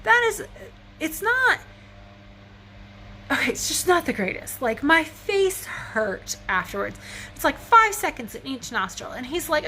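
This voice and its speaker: Speaking a little slowly in a high, bright voice with big pitch swings and a forceful tone, a woman tells a rambling, self-mocking story to her phone. It's a casual vlog; she's chatty, laughs at herself, and sounds a little wheezy. She's at home with a fan running, which hums faintly.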